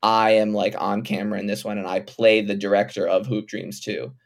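A man, a comedian and film director, talking quickly and casually in an interview, full of likes and fillers. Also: lowish voice, flat delivery, creaky. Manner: talks fast with many fillers, laid-back.

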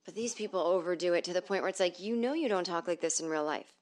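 A woman's voice: on the low side, fast talker. Sarcastic, profane middle-aged woman. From northern United States. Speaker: podcast host. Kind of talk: comedic monologue. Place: at home.

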